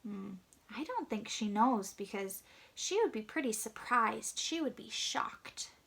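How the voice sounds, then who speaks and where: A woman reading a picture book aloud to young children, asking them gentle questions and sometimes dropping to a hushed whisper. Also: fairly high pitch, animated, measured pace, vocal fry, husky. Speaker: children's story reader.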